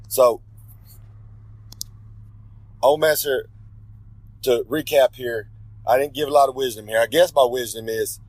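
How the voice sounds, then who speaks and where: This pro wrestler's regular segment is a meandering, cocky promo where he speaks of himself in the third person and keeps backtracking to fix his words. His voice is medium-pitched and a little mellow, captured roughly with no room sound.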